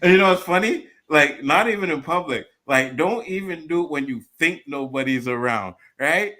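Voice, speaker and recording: A man's voice: fairly high pitch, animated, normal speed, pushed and bright. A man co-hosting a casual panel talk show, talking loosely with frequent "you know what I mean" and occasional swearing, laughing easily.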